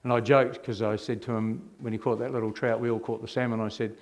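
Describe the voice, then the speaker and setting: A middle-aged New Zealander tells his own life story as a testimony. He talks fast and animatedly at an ordinary male pitch, often putting rhetorical questions to the audience.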